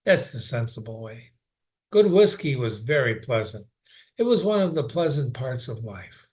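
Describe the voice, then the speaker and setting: A man reading a novel aloud in an unhurried way, sometimes stopping for a brief aside of his own. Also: medium pitch, very animated, darkish tone. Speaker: reader.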